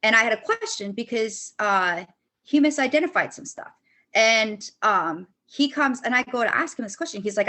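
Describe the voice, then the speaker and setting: A woman's voice: a little high, expressive, a little fast, pushed and bright. A young woman guest on a podcast, bluntly telling a personal story, swearing often and acting out past arguments in quotes.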